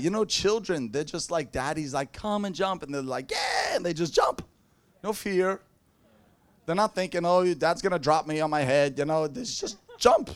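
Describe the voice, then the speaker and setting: Man, high-pitched, preacher, animated storytelling, laughs a lot. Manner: animated, laughing storyteller who mimics people. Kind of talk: storytelling sermon.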